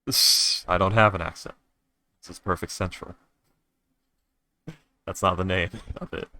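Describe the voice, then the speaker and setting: A deep-voiced man chatting casually with his fellow players before a tabletop game. His tone is bright and a little tense. He rambles, jokes and stops to correct himself mid-thought. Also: fairly even intonation, a little slow. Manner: rambling, self-correcting, joking. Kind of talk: casual chat between players.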